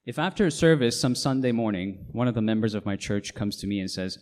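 A man's voice: lowish voice, fast, darkish tone. A middle-aged man, a pastor, preaching a sermon with emphatic delivery and frequent rhetorical questions.

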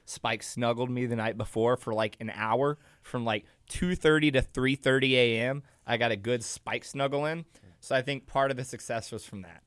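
Smooth-voiced man telling funny stories. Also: medium pitch, moderate pace, no room sound, studio quality. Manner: animated storyteller, laughs a lot. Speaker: guest, jiu-jitsu competitor. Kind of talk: casual podcast interview.

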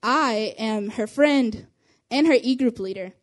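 Talking quickly with little laughs scattered through, this youth group leader gives an informal spoken testimony. She is young, and her pitch is fairly high.

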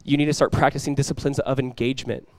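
A young adult man preaching a sermon as pastor, energetic and conversational, often restarting his phrases. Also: medium pitch, fast talker, no room sound.

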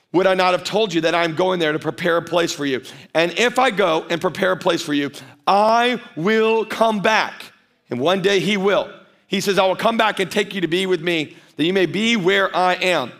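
A man pastor preaching a sermon in a church, animated and playful, with asides to the congregation. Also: high-pitched. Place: church stage before a congregation.

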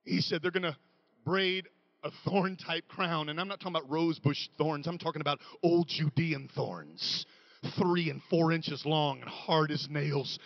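A man preaching a comedic sermon, telling stories with animated quoted voices and building to shouts. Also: on the high side, moderate pace, creaky, no room sound, muffled recording.

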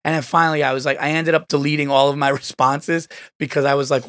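Male podcast host, slightly high voice, dry close sound; animated storyteller who swears. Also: fast, no room sound. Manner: animated storyteller, swears freely, acts out quotes. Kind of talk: casual podcast chat.

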